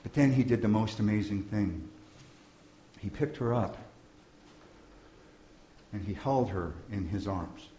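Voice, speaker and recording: A man preaching, telling a story slowly and softly, often dropping to a hush. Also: lowish voice, slight background noise. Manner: slow, soft-spoken storytelling with hushed passages. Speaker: pastor. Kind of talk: sermon storytelling. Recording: dull, echoey room recording.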